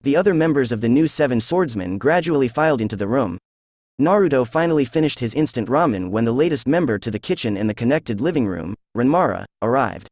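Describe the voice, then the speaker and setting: A man reading fan fiction aloud as narrator, in a steady, even storytelling voice. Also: mid-range voice, fast, no echo, dull audio.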